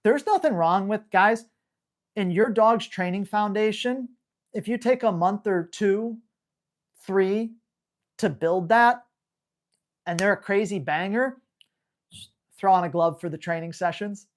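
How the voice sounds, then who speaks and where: A woman dog trainer answering viewer questions on a live stream, in a brisk, slangy and blunt way. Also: mid-range voice. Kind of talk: live Q&A, casual coaching.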